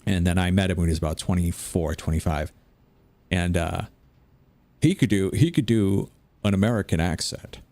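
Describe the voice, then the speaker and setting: Deep voiced new guy rambling to chat while he plays, dry sound, no room echo. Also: normal speed, darkish tone. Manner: rambling, chatty, answers viewer chat. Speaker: gaming video creator. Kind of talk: casual gameplay commentary. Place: home, late at night.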